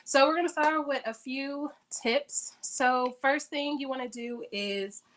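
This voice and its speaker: A woman's voice: high voice, unhurried, a bit bright. Chatty woman giving decor tips. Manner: chatty, upbeat, addresses audience directly. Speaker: interior decorator speaker. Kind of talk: casual how-to talk. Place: her bedroom.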